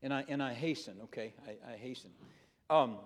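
A man's voice: medium pitch, moderate pace, gravelly. A retired pastor in his sixties preaching a sermon, telling personal stories in an earnest way and often repeating his words. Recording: long reverb of a large hall.

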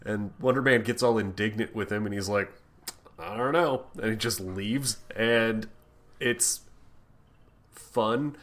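Lower-voiced man, wry podcast co-host. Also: unhurried, a bit bright. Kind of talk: casual comic book chat.

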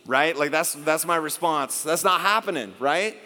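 Man preaching, middle-aged, slightly higher voice, conversational, acts out short exchanges, hall reverb. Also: moderate pace, few pauses, sharp tone. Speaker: pastor. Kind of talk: sermon.

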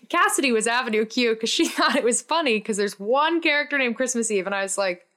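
A woman's voice: a little high, fairly quick. A woman co-hosting a podcast, chatting playfully and laughing often. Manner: giggly, playful, lively. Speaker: podcast co-host. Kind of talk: casual chat.

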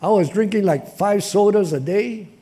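A man preaching a sermon in a conversational, impassioned way, with repetition and street slang, rising to shouts. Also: high-pitched, normal speed.

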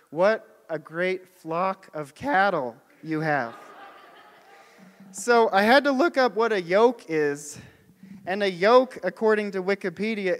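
A man preaching a sermon as pastor, telling stories and putting questions to the congregation. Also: high voice. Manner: storytelling, asks the congregation questions. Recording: long hall reverb.

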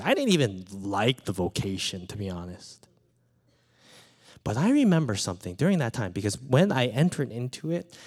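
A pastor delivering a sermon, a man in his thirties who tells stories from his own life. His pitch swoops and rises as he talks. He keeps an animated, playful storytelling manner. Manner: animated storytelling, acts out his small daughter's lines.

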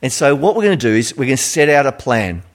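A man voicing a king who calmly lays out a repayment plan to a servant. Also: medium pitch, quick pace. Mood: businesslike. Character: stern male king setting terms.

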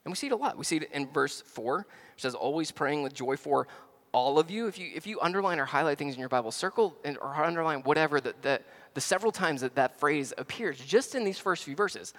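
A man from the American South with a Southern accent, preaching a sermon as pastor, stressing words loudly, dropping to quiet asides, and often restarting phrases. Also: a little high, expressive, fairly quick, in a large hall. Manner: emphatic, swings between loud stresses and quiet asides.

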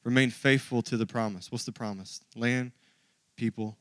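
A man's voice: mid-range voice, steady tone, moderate pace, no echo. A man in his thirties preaching a sermon to his church, conversational and joking with the congregation. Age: 30s. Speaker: pastor.

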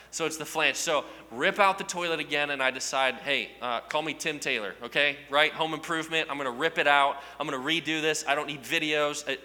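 Bright, sharp-voiced man telling a story. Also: a little high, in a large hall. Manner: animated, self-mocking, asks the audience questions. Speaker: speaker addressing a live audience. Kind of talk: humorous storytelling to an audience.

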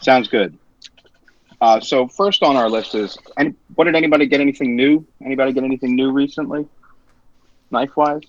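A man with a New Jersey accent hosting a casual podcast, teasing his co-hosts with quick, joking banter. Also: mid-range voice, fairly even intonation, dry recording. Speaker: podcast host. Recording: slightly dull lo-fi sound.

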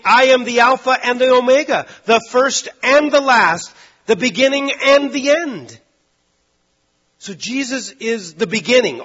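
Male preacher, sermon, emphatic, husky, muffled recording. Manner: emphatic, swinging between loud stresses and hushed low lines.

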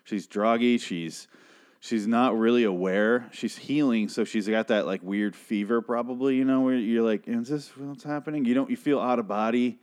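A man casually recapping a TV episode, swearing freely and acting out characters' lines in quick put-on voices. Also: medium pitch, a little mellow.

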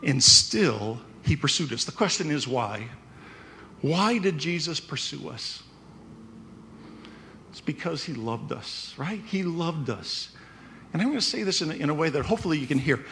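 A man's voice: on the high side, animated, unhurried, pauses often, a bit bright, a little hiss or hum. A man preaching a conversational sermon, often checking in with "right?". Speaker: pastor.

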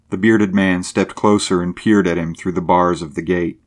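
A man reading a story aloud in steady, measured scripted narration. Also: low-pitched. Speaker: audiobook narrator.

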